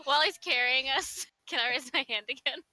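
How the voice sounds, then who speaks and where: Giggly high-voiced woman player. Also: a little fast, pushed and bright, dry recording, rough recording. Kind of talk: casual tabletop play.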